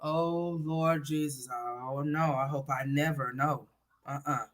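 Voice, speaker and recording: A woman's voice: low voice, fairly even intonation, takes it slowly. A woman hosting a casual livestream, chatting with viewers and turning to talk to her son at home. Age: adult parent. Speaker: livestream host.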